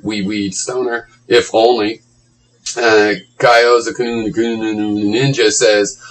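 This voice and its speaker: A man's voice: lowish voice, steady tone, unhurried, creaky, fairly bright tone, rough recording. A man reading blog comments aloud and mocking them in a sarcastic, profane running commentary.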